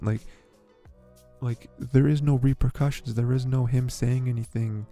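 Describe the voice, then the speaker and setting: A young male podcast host offers casual commentary in a mid-range, warm voice with vocal fry, speaking a little fast. He rambles, leans heavily on filler words, and sounds exasperated. Faint music plays behind him.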